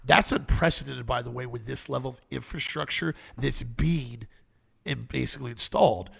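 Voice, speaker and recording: Very gravelly, husky male talk host. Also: mid-range voice, normal speed. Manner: animated storyteller acting out quoted dialogue. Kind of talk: conservative health talk show banter.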